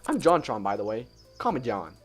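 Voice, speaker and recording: A man playing an easygoing, friendly young male student in a game let's play, upbeat and lively. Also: mid-range voice, brisk, breathy edge, soft background music.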